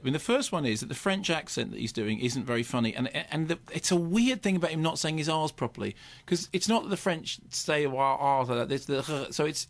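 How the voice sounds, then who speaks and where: Fast-talking British film critic. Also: male voice, a little high. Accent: British English. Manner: rapid, digressive, opinionated, many restarts. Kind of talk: radio film review chat.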